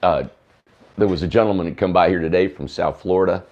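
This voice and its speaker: A hoarse man with a drawl rambles through a casual livestream update, with plenty of ums along the way. His voice sits very low, and the sound is a little dull and muffled. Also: quick pace. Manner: rambling, with many fillers. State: hoarse from a sore throat. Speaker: host of a tiny homes livestream.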